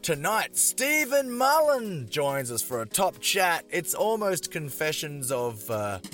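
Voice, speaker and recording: A man introduces his comedy podcast in a relaxed, chatty way and throws in quick jokes. Faint music plays beneath his voice. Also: on the high side. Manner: chatty, quick with joking interjections. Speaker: podcast host. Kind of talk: podcast intro and casual chat.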